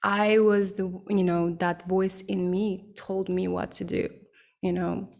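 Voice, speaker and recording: A woman speaking slowly and thoughtfully as a podcast guest, with frequent ums and pauses. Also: medium pitch, flat delivery, vocal fry, a little mellow. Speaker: podcast guest, mindset coach. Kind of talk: relaxed podcast conversation.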